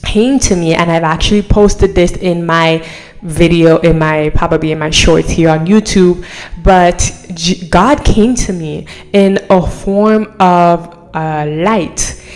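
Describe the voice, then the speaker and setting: A woman's voice: lowish voice, steady tone, slow pace, darkish tone. A young woman talking casually and earnestly to her viewers, rambling with many fillers as she shares a personal testimony, at times emotional. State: emotional, near tears at times. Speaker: vlogger.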